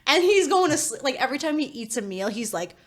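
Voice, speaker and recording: A woman co-hosting a podcast, telling a story in casual chat, animated and laughing, full of filler words. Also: high voice, quick pace. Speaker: podcast co-host.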